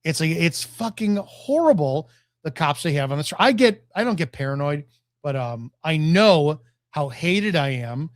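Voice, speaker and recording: A man's voice: fairly high pitch, animated, moderate pace, dry recording, studio quality. A man in his forties, a podcast guest telling blunt, profane stories in casual chat.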